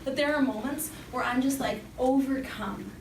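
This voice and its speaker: Woman preaching to youth, high voice, chatty and jokey, roomy echo. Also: moderate pace. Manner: casual, joking, chatty preaching. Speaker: speaker at a Catholic youth summer program. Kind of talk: faith talk to young people. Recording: echoey room, distant mic, background noise.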